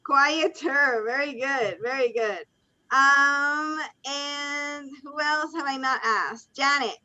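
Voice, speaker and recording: Bright high-voiced woman teaching ESL. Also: slow pace. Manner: encouraging, switches between English and Spanish explanations. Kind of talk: online class teaching. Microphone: video call. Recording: dull lo-fi video call audio.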